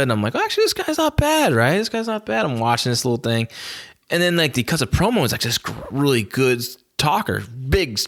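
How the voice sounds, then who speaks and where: A man hosting a wrestling podcast, telling stories in a rambling, animated way with lots of fillers. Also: mid-range voice. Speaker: podcast host. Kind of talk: casual wrestling podcast chat.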